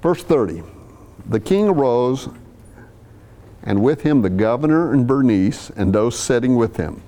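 A man's voice: mid-range voice, animated, a little slow, mellow. A man preaching a sermon, talking through scripture in a conversational way with restarts and asides. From US South.

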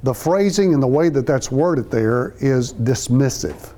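A Bible teacher delivers a conversational sermon, reading verses aloud and unpacking them phrase by phrase while acting out the quotes. His voice sits at a medium pitch with lively intonation, and he speaks unhurriedly in a warm tone.

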